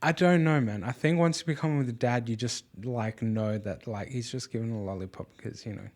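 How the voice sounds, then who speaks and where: A man's voice: mid-range voice, fairly quick, darkish tone. A man and father hosting a podcast, talking casually and rambling with lots of fillers and restarts. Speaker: podcast host.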